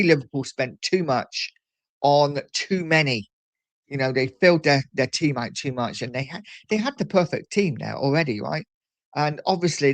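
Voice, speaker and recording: A man's voice: a little high, no echo. A middle-aged man hosting a casual livestream, chatting and reading viewer comments aloud. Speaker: livestream host.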